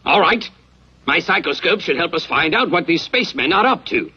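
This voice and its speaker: A man's voice: fairly high pitch, animated, fairly quick, husky. A man playing a stern, formal scientist who captains a spaceship, in an old cartoon dub. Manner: commanding, formal. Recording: dull old dub with music.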